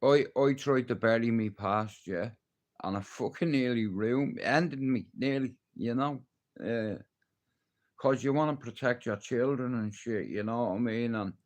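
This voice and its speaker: A man's voice: fairly low pitch, measured pace. An Irish man chatting loosely on a livestream, rambling and swearing a lot in a jokey way. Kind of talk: casual live-stream chat.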